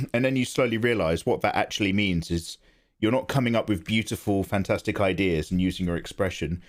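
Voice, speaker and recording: A man chatting casually on a live art stream, rambling, joking and reading out his chat from home. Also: lowish voice. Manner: chatty, rambling, quick to joke, reads chat aloud. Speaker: live-streaming digital artist.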